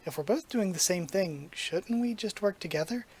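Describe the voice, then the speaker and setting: A sincere young witch girl speaks warmly and earnestly, as a reader puts her on. It sounds like friendly comic dialogue read aloud. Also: mid-range voice, animated, moderate pace, husky.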